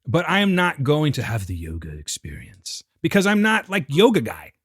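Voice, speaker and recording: A man's voice: a little high, huge pitch swings, normal speed, a bit bright, breathy edge, dry recording, studio quality. A man co-hosting a podcast in casual chat, joking in mock-indignant banter. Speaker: podcast co-host.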